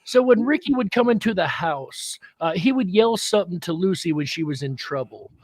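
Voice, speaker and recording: A man's voice: high voice, expressive, normal speed, no room sound. A man hosting a live-stream panel chat, quizzing a guest politely and addressing him as sir. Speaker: quiz host.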